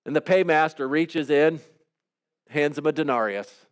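A man's voice: fairly high pitch, a little slow, clear, resonant tone. A man preaching a sermon in a conversational way, often putting questions to his listeners. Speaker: pastor.

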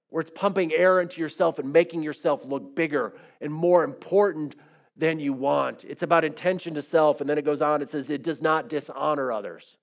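A man preaching a sermon in a slightly high voice. His delivery moves between soft, quiet phrases and raised, emphatic ones as he tells stories to make his points. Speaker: pastor.

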